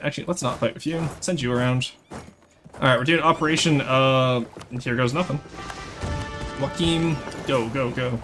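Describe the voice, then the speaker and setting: A man's voice: mid-range voice, slight background noise. A young man from rural Canada, giving live gameplay commentary and chatting with viewers. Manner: lively, chats with viewers while playing. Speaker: streamer.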